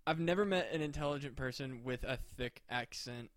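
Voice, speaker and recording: A man co-hosting a casual comedy podcast, rambling and hesitant as he hunts for words. His voice is mid-pitched and dry, close to the mic. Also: fairly quick, no room sound. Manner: rambling, hesitant, lots of fillers and swearing. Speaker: podcast co-host.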